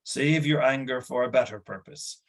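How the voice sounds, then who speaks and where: A man voicing Gwydion, a stern and noble war leader who speaks in a measured, formal way, in an audiobook. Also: medium pitch, natural voice. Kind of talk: audiobook character voice.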